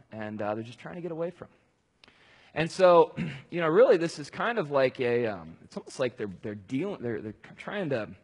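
A man's voice: mid-range voice, slightly rough. A man preaching a conversational sermon, talking casually and rambling, with many fillers and restarts. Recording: long hall reverb.

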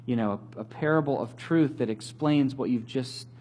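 A man giving a sermon as a pastor, telling the story in a conversational, animated way with light humor. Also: medium pitch, moderate pace.

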